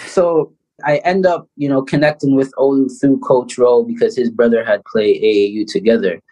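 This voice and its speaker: A Canadian man in his thirties recounts his youth in a loose, conversational flow. His pitch stays mid-range, and he keeps rolling with fillers like "you know" and "like", slipping into voices when he quotes people. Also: rough recording. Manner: animated, fast storyteller full of "you know" and "like", acts out quotes; laughs often while telling his story. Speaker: podcast guest, pro basketball player. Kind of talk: casual storytelling interview.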